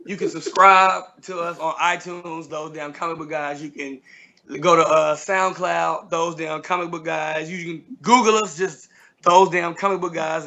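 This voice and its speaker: A man from Texas, a podcast guest, plugging his show in a relaxed, joking way. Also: fairly high pitch, dull audio. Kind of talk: casual podcast chat.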